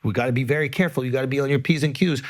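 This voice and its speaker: Male podcast host, casual chat, earnest, emphatic, swears a lot, mid-pitched. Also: racing.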